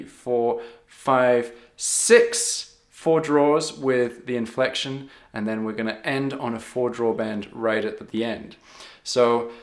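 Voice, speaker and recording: A man's voice: mid-range voice, a bit bright. Patient man teaching harmonica, roomy sound. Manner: patient, counts beats aloud. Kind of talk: step-by-step music lesson.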